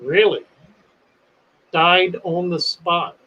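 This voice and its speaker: A man hosting a livestream who tells a long story in a drawn-out, dramatic way. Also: sits high, sharp tone, breathy edge, poor audio. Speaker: pet shop owner and livestream host.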